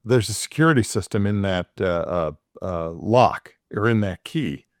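A man's voice: lowish voice, normal speed, no echo, clean studio sound. A man in casual chat, telling a long story with many fillers and restarts.

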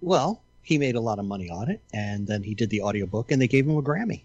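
An older man hosting a casual chat, dry and sarcastic, chuckling often, with a husky voice. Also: lowish voice, lively intonation, quick pace, a little mellow, dry recording, dull audio.

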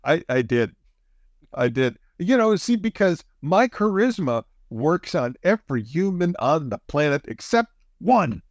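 A middle-aged man co-hosting a casual chat, telling a story in an animated way, chuckling often and jumping up in pitch for emphasis. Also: a little slow, dry recording, clean studio sound. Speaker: podcast co-host.

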